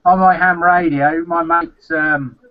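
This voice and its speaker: A man with a slightly higher voice who drops in short, dry remarks during a casual group chat. He comes through on dull, lo-fi video call audio. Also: fairly even intonation, slow. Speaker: panelist on a home-brewing online hangout.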